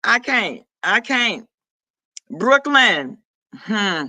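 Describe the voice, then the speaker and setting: High, sassy man chatting to his viewers. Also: very animated, pushed and bright, no echo. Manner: sassy, profane, chatty, quick asides to viewers. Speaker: vlogger greeting live chat. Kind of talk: casual live-stream chat.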